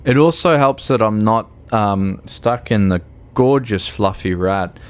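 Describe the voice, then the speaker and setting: A man's voice: fairly low pitch, unhurried, clear, resonant tone. A man streaming a game, tipsy, rambling and emotional, laughing often and swearing casually. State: tipsy from alcohol. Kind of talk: casual gaming stream chat.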